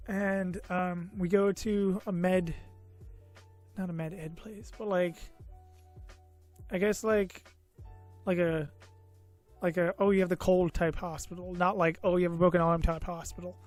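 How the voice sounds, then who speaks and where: A high-pitched male vlogger talks a touch slowly, his pitch barely moving. Tired and a bit scattered, he shares a personal tale that meanders, full of "you know," "uh," and jokes at his own expense, over quiet background music.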